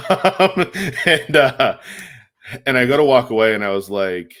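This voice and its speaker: A man co-hosting a podcast, telling a long story in a casual, animated way, acting out quotes and using many fillers. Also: lowish voice, measured pace. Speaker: podcast co-host.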